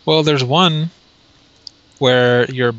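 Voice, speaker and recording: A man co-hosting a casual podcast, chatting and reading search results aloud with halting restarts. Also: medium pitch, fairly bright tone. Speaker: podcast co-host. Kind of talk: casual chat. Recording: dull lo-fi sound.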